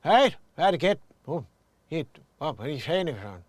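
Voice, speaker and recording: Dude imitating a mumbly irish film rogue, slurred thick brogue, dry close voice. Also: male voice, a little high, sing-song, brisk, dry recording. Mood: mumbling. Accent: mock Irish. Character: mumbling Irish traveler from a crime film, man.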